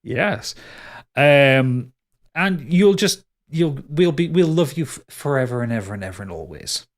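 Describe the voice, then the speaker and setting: Chatty man, lively voice. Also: mid-range voice, unhurried. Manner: rambling, lots of restarts and laughs, upbeat. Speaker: game master. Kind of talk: casual podcast outro chat.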